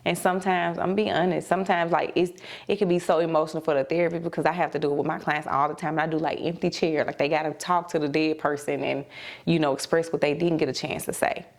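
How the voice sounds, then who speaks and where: A woman therapist, speaking in a low register with a gravelly edge. She talks candidly and conversationally, repeating key phrases for emphasis. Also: fairly even intonation, fast talker. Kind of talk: casual talk show advice.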